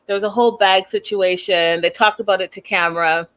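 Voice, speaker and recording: A woman hosting a casual recap, talking in an animated, sassy, slangy way. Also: mid-range voice, brisk. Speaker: host.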